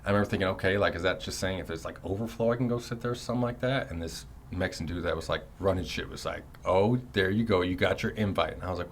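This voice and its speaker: A man's voice: deep voice, fast talker, few pauses, a little hiss or hum. A man in his thirties telling a long story in a casual, rambling way, full of swearing and "you know"s. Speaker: son recounting his prison years.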